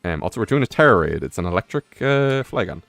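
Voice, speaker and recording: A man's voice: lowish voice, sing-song, quick pace, vocal fry, fairly bright tone, no room sound, soft background music. A young man streaming a game, rambling casually with many fillers and curse words. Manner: rambling, heavy on fillers, profane. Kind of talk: casual rambling commentary while gaming.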